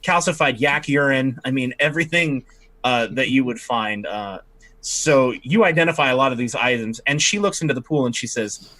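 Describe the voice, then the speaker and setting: A man's voice: medium pitch, normal speed, sharp tone. A man narrating as game master, rambling with many fillers and restarts.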